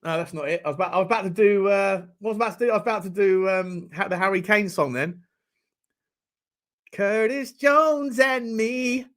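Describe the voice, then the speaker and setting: A man hosting a casual fan live stream, chatting to his viewers. His voice sits fairly high for a man. He rambles, jokes and riffs on the comments as they come in. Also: rapid-fire, hardly any pauses, a bit bright. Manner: rambling, jokey, banters with chat. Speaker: fan channel host.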